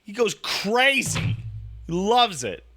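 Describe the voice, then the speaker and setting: Speaking a little slowly in a mid-range voice, this man chats casually and rambles. His talk is profane and crammed with "like" and other filler, and he acts out the voices in his animated stories.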